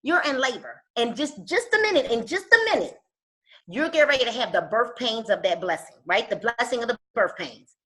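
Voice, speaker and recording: This woman's voice sits high and bright, and her pitch moves a lot. She mentors a group over a call in a preachy, emphatic way. She swings between loud, charged lines and quiet, hushed ones. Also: sing-song, a little fast, low-quality recording. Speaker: guest speaker and business mentor. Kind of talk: motivational talk on a call.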